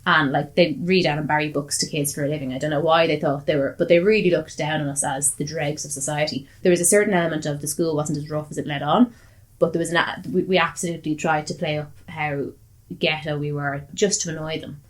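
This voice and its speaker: A woman's voice: low voice, fairly even intonation, quick pace. An Irish woman hosting a casual chat, blunt and sweary, telling stories with animation. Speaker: podcast host.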